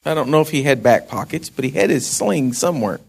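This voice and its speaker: A man's voice: medium pitch, expressive, fairly quick, vocal fry, husky. A man preaching a sermon in a folksy way, with asides to the congregation. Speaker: pastor.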